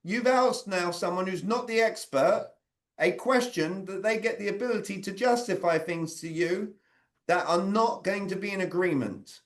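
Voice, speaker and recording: In an interactive video-call training on sales communication, a man with a fairly high voice coaches a group in a conversational way, pausing to address questions to people by name. He talks at a normal speed.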